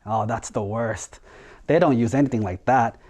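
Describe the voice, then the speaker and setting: A man's voice: medium pitch, moderate pace, a little mellow, pitched below the performer's own voice, close to an everyday voice. A man voicing a sly female crow who plays pranks, talking in a smug, matter-of-fact way.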